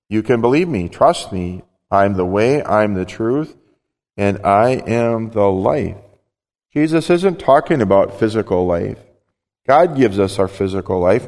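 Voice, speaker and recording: A man's voice: on the low side, a little mellow. Earnest male pastor in a reverberant church. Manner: earnest, plain-spoken, explaining step by step. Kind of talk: sermon. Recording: long hall reverb.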